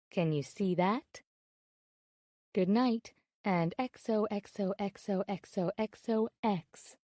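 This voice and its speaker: Actress as a chatty, flirtatious woman in love by email, soft warm tone, audiobook drama. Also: medium pitch, no room sound, clean studio sound, natural voice.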